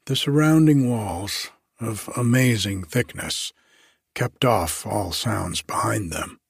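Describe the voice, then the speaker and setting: A man giving a measured first-person reading of a literary story as an audiobook narrator. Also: on the low side, gravelly, breathy edge, no room sound, clean studio sound.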